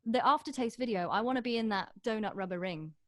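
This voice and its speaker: A woman from the UK hosting a casual radio interview, chatty and quick to laugh. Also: fairly high pitch, animated, a bit bright. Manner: chatty, giggly, friendly questioning. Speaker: radio presenter.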